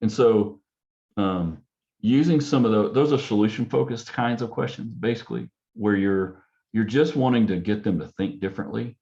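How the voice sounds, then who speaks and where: A man with a low voice speaks as a counselor, loose and conversational. He slips into a gentle, curious tone to act out what he would say to parents. The sound is dull and lo-fi. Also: normal speed, gravelly. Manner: acts out client and parent dialogue in a softer, curious tone. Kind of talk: casual panel talk.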